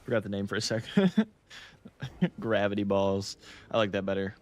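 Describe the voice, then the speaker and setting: A man's voice: fairly low pitch, sing-song, moderate pace, darkish tone. A young man from the United States, chatting casually while streaming a game, laid-back and swearing freely. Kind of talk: casual livestream chat while gaming.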